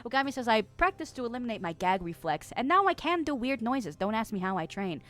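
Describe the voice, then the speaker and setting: A woman's voice: fairly high pitch, sing-song, fast, fairly bright tone, soft background music. A woman streamer in casual chat, reading chat messages aloud with lots of laughter and self-mocking jokes.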